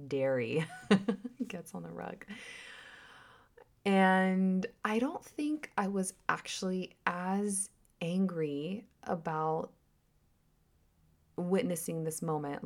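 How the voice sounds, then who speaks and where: A woman and mother shares a casual, rambling reflection as a vlog. Her voice sits low and slow with a gravelly fry, and she often slips into hushed, whispered asides. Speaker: mother and vlogger.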